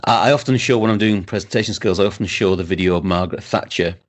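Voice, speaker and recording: A man's voice: sits low, fast talker. A man hosting a podcast interview, eager and agreeable, often restarting his sentences. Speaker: podcast host. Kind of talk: casual interview chat.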